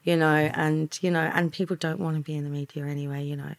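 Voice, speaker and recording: A woman telling her story as a guest in a candid podcast interview, earnest and soft-spoken, often trailing off into quiet asides. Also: sits low, flat delivery, fast, creaky.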